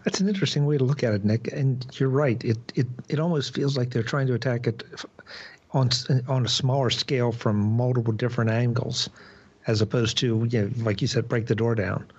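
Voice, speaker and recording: A man's voice: mid-range voice, steady tone, brisk, a little mellow, breathy edge, dull audio. A man on a tech podcast panel who stumbles and restarts as he builds up a thought. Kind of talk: casual tech discussion.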